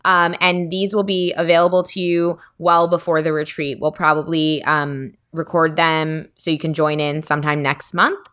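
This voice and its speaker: A woman's voice: low voice, flat delivery, moderate pace, hardly any pauses, a bit bright. A woman hosting a podcast in casual, rambling chat with a Southern accent. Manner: chatty, rambling with fillers. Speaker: podcast host.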